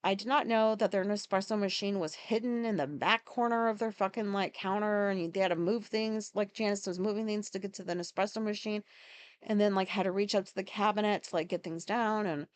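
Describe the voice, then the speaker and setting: A woman's voice: mid-range voice, steady tone, a little fast, clear, resonant tone, no echo. A woman hosting a podcast, talking through her day in a rambling, casual monologue full of fillers and swearing. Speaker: podcast host.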